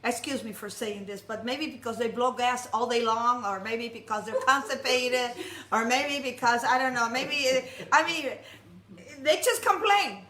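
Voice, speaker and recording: Female preacher with a high voice, animated and humorous storyteller, echoey worship hall. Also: unhurried. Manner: animated, jokey storyteller with many restarts. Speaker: speaker at a congregation. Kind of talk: storytelling sermon.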